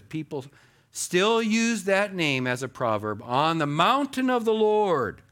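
A man preaching a sermon as pastor, animated, swinging between loud exclamations and hushed asides. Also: medium pitch.

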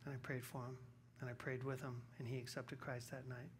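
A male pastor telling a personal story in a sermon, moving from hushed storytelling to loud, emphatic preaching. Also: mid-range voice, flat delivery, normal speed, a little hiss or hum.

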